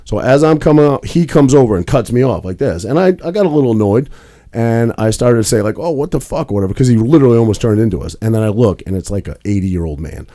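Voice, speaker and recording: Fast-talking man telling a profane story. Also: lowish voice, lively intonation, warm tone. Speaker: podcast co-host. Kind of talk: casual chat.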